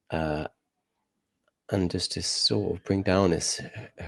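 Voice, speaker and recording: A young man speaking as a podcast guest, reflective and measured, hedging his points in casual conversation. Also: sits low, creaky, a little mellow, dry recording. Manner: reflective, measured, with many hedges.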